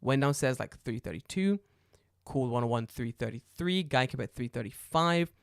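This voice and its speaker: A man, a podcast co-host telling a story in casual chat, animated and profane, acting out the dialogue loudly. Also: medium pitch, moderate pace, vocal fry, clean tone, dry recording, studio quality.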